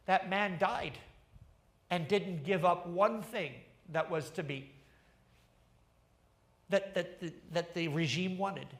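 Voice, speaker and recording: High-voiced, slow-speaking pastor. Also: male voice. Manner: earnest, dramatic storytelling, dropping to a hush on key lines. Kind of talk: sermon. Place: church livestream.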